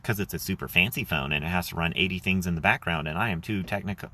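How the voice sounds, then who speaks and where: A man talking casually on a phone live stream, rambling and dropping swear words as he goes. His voice sits a little low but sounds bright and forceful. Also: fast talker. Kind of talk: live stream reading and chat. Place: outdoors.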